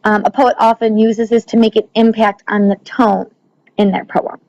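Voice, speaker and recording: A woman's voice: mid-range voice, little pitch movement, moderate pace, darkish tone. Woman teacher explaining with frequent ums. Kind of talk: recorded classroom lesson. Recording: slightly dull lo-fi recording.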